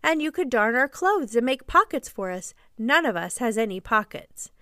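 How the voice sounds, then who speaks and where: A woman's voice: a little high, big pitch swings, normal speed, pushed and bright, clean tone, no room sound, studio quality. Peter Pan, sly coaxing boy, read by a woman. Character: boy who never grows up, cunning and boastful.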